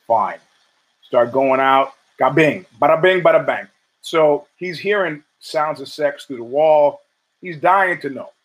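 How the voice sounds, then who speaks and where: Guy ranting and telling stories on his show, swears a lot, stumbles and restarts, voice sits kinda high. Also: a bit bright, poor audio. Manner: profane, rambling, stammers and restarts, acts out quoted dialogue. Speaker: podcast host. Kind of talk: casual storytelling monologue.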